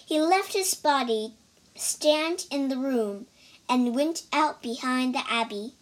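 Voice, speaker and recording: A storyteller reading a story aloud for language learners, clear and careful, spelling out new words. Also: high voice, slow pace. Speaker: storyteller and English teacher.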